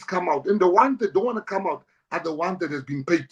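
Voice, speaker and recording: A middle-aged man with a South African accent, speaking in an interview as a party leader. He is combative and forceful and hammers his points home with repetition. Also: sits high, lively intonation, fairly quick, hardly any pauses, slightly rough, poor audio.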